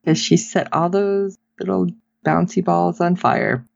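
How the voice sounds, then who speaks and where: Gravelly and fairly low, this woman's voice moves at a measured pace as she recaps a TV episode on a casual podcast she co-hosts. Her retelling is lively, full of acted-out quotes and frequent laughter. The lo-fi recording sounds dull but has no echo.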